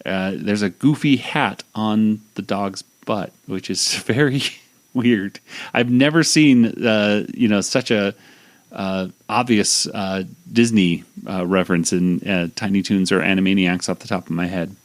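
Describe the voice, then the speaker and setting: A podcast host with a fairly low voice speaks a little slowly as he casually recaps a cartoon episode. He rambles, using lots of fillers and restarting his sentences.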